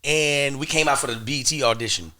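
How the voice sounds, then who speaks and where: A young adult man hosting a podcast, telling a lively story and acting out both sides of phone calls. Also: medium pitch, fast talker. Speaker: podcast host. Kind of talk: animated storytelling.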